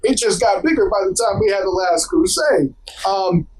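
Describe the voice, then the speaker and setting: High-voiced, wisecracking male co-host. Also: moderate pace, poor audio. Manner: wisecracking, teasing. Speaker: podcast co-host. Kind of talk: casual movie chat.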